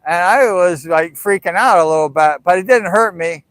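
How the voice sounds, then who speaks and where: An older man telling a rambling, chatty story in a casual livestream, animated when he quotes others. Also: high-pitched, normal speed, rough recording. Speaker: host.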